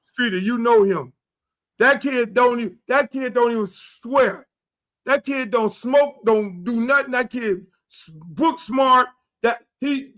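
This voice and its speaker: A middle-aged man hosting a sports talk show, animated and profane, acting out quoted dialogue as he rants. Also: extremely high pitch, takes it slowly. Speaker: show host.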